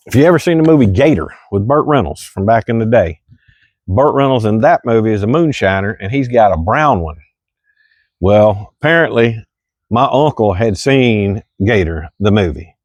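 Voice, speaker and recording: A middle-aged man, telling a true story from his childhood in a folksy, animated way with loud exclamations. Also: lowish voice, no room sound. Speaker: storyteller vlogger. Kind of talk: casual storytelling.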